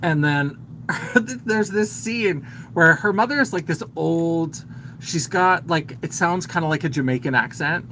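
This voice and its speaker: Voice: mid-range voice, unhurried, pushed and bright, slight background noise, low-quality recording. A man hosting a live stream, casually retelling a film's plot in a chatty, filler-heavy way and greeting viewers as he goes. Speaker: host.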